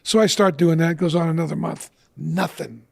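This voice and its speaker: A middle-aged man sits as a guest on an interview show and tells a personal story in earnest. His voice is gravelly and husky and sits a little high for a man. He acts out the lines of the people in the story. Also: brisk. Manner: earnest storyteller, acting out quotes.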